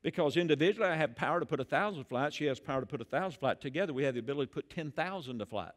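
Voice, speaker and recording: A man preaching a sermon as pastor in a church, animated and rising loud on key phrases. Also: on the high side, very fast. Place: church sanctuary.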